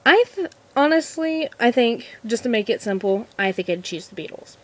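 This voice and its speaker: A woman's voice: a little high, animated, moderate pace. A seventeen-year-old girl answering viewer questions in a casual vlog, nervous and giggly, rambling with lots of restarts. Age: teens. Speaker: vlogger.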